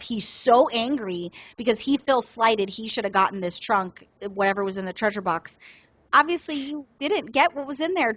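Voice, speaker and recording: A woman co-hosting a casual gaming podcast, telling stories with lively energy and acting out other players in quotes. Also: a little high, dry recording, highs cut off. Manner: animated storyteller, acts out other players in quotes. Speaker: podcast co-host.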